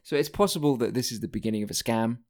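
This podcast host, talking alone and casually, has a slightly mellow, medium-pitched voice and speaks fast. He drifts from topic to topic, cursing frequently and interrupting himself mid-sentence.

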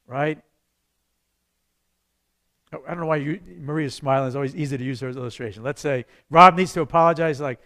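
Animated pastor teaching a class. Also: male voice, fairly high pitch, a little fast, long pauses. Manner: conversational, animated, acts out quoted voices. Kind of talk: teaching a church evangelism class.

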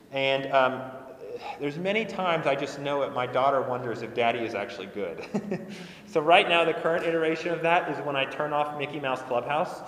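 A young man, a pastor, preaching a sermon in an earnest, conversational way and repeating phrases for emphasis. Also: on the high side. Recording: echoey hall with long reverb.

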